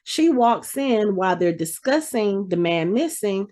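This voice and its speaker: A woman podcast host with a mid-range voice recaps a TV episode in casual, unhurried chat. She's an animated storyteller, playfully acting out the characters' lines.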